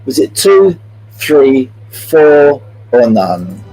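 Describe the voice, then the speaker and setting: A man hosts a live-streamed multiple-choice quiz in a dark, mid-range voice with big pitch swings, talking extremely slowly. Over a low-quality recording, he chats and jokes, greeting viewers by name while reading the questions.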